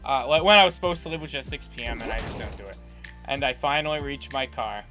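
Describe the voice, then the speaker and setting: A man co-hosting a podcast, telling a long anecdote in a rambling, animated way with many restarts. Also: medium pitch, fast, over music. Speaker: podcast co-host. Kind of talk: casual storytelling chat.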